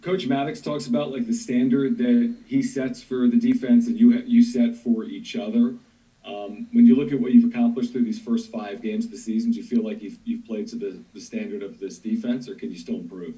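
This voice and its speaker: A man's voice: medium pitch, steady tone, fairly quick, dark tone, recorded from a distance, poor audio. A male reporter asking questions thoughtfully and somewhat hesitantly over a video call. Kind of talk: press conference questions.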